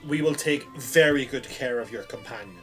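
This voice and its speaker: A man's voice: mid-range voice, normal speed, fairly bright tone, soft background music, close to an everyday voice. A man voicing a fussy, anxious young elf groomer who mutters worriedly to himself in a tabletop game. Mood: earnest. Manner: mutters worriedly, fretting and precise.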